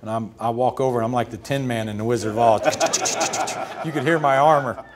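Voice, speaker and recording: A man, telling lively stories as an interview guest and acting out the voices of others. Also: mid-range voice, normal speed, noisy background. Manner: animated anecdotes, acts out quoted voices. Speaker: interview guest, retired pitcher. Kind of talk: storytelling on stage.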